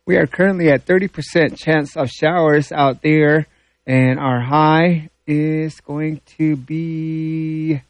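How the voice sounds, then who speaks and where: Slow-talking male radio host. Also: mid-range voice, no room sound. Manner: slow, relaxed, rambling with fillers. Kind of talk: morning radio chat.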